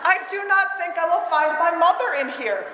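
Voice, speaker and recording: Woman voicing a small earnest dinosaur boy, plain deliberate read, roomy reverb. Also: very high voice, very noisy, pitched above the performer's own voice. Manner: slow, flat, deliberate reading of period-ended lines. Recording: roomy hall with long echo.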